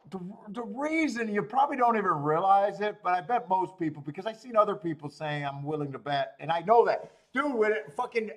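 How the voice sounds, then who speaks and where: A man hosting a horse racing betting livestream, chatting casually in an animated way, swearing, laughing and rambling with restarts. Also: high voice.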